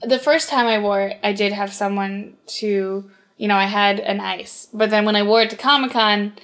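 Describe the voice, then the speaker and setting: A woman's voice: medium pitch, fairly even intonation, moderate pace, a bit bright. A woman cosplayer chatting casually in an interview, with lots of fillers and restarts. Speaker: cosplayer guest.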